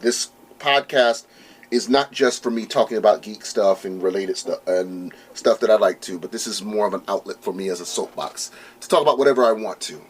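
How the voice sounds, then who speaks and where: A man's voice: fairly low pitch, husky. A man in his thirties hosting a podcast, casual and rambling with lots of ums and restarts, his voice a little worn. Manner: rambling, many fillers and restarts. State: losing his voice. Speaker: podcast host. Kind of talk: casual solo podcast intro.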